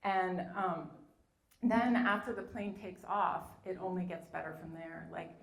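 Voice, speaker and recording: Woman, 50s, from new york, low voice, chatty storyteller, lots of ums, echoey room. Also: fairly even intonation, a little slow. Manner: chatty, many "um"s and "like"s. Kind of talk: personal story told live.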